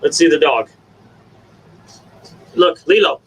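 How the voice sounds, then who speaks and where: A man hosting a casual stream and giving his dogs coaxing commands, jumping to high sing-song calls. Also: animated, measured pace, long pauses. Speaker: stream host. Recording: distant from the mic. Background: dogs, faint room noise.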